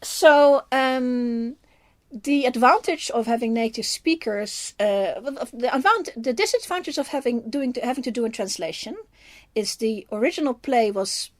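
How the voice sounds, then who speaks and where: This is a woman speaking English with a Dutch accent, Dutch being her first language. Her voice sits a little high. She talks in a chatty, thinking-aloud way, restarting her sentences and laughing often. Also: expressive, moderate pace. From Netherlands. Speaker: film reviewer, co-host. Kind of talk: casual chat.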